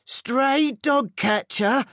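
Male reader doing a storybook street dog: tough, brash, unhurried. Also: high voice, a bit bright, no echo, studio quality, pitched above the performer's own voice, full character voice. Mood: defiant. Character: rough, tough, free-spirited male city dog. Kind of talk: storybook read-aloud.

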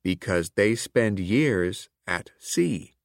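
A man's voice: on the low side, expressive, drawn-out words, gravelly, dry recording, clean studio sound, heavily acted. A man playing a shy schoolboy. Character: shy young schoolboy, quiet.

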